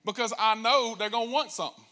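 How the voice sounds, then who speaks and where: Man preaching, high voice, bright tone, animated joking storyteller, sermon. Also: quick pace. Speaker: pastor.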